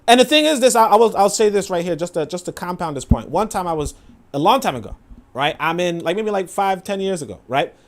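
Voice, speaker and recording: A man's voice: high-pitched, lively intonation, a little fast. A man commenting casually on a clip, rambling with many fillers. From New York. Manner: rambling, filler-heavy, acts out quoted voices.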